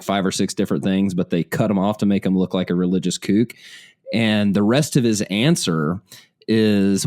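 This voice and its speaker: Low-voiced man explaining with analogies. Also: a little mellow. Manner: explains by analogy, agreeable, emphatic. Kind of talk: casual conversation.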